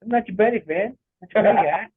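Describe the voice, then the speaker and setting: High-voiced joking man on a tinny line. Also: moderate pace, slightly rough. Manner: laid-back, joking. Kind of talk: casual chat.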